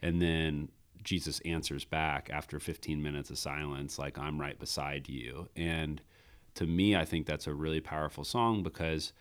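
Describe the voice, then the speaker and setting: Very deep-voiced earnest male podcast host. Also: steady tone, moderate pace, smooth. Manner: earnest, many fillers and restarts. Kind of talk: casual faith discussion chat.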